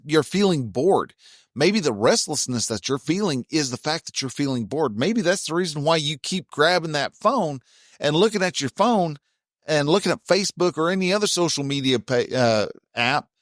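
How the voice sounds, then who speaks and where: A man's voice: fairly high pitch, no echo, clean studio sound. A man, hosting a casual self-help talk in a plainspoken, folksy way with mild cursing. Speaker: self-help podcast host.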